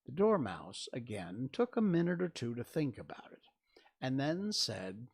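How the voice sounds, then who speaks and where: Guy reading a kids story out loud, slow and raspy, lively pitch. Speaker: reader.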